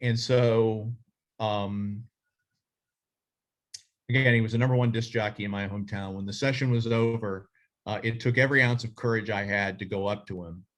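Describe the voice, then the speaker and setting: A man's voice: on the low side, steady tone, normal speed, fairly bright tone. A middle-aged man who leads a journalism association, speaking in a casual, rambling way full of fillers and restarts. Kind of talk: casual reflective talk.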